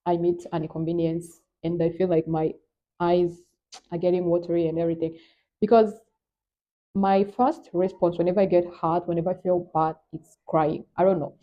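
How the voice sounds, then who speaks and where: A young Nigerian woman with a Nigerian accent speaks earnestly and emphatically in a candid personal vlog, repeating "trust me." Her voice is on the low side, and the recording's highs are cut off.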